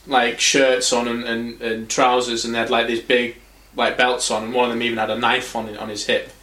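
A man's voice: mid-range voice, flat delivery, moderate pace, bright, forceful tone, echoey room. A man hosting a podcast, talking casually, rambling through anecdotes and swearing freely. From England. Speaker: podcast host. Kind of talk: casual chat.

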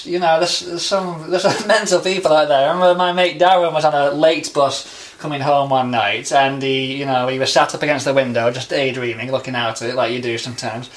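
A man's voice: mid-range voice, fairly even intonation, brisk, hardly any pauses. A young man telling stories in casual chat, rambling with lots of fillers.

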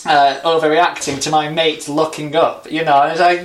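A man's voice: fairly high pitch, fairly even intonation, moderate pace, hardly any pauses, a bit bright. A young man telling stories in casual chat, rambling with lots of fillers.

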